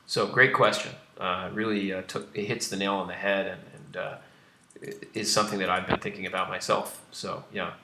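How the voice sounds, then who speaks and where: A man's voice: low voice, little pitch movement, brisk, reverberant, background noise. A man on a live stream, explaining his strategy card game while he plays it and answering viewer questions with many fillers. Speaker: game designer streaming gameplay. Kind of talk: casual live-stream commentary.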